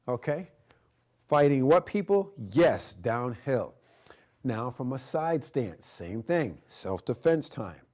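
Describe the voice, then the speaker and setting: A middle-aged man hosting a TV show as a karate instructor, energetic and preachy, repeating his points and shouting martial arts cries. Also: mid-range voice. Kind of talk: martial arts lesson with motivational talk. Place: TV studio.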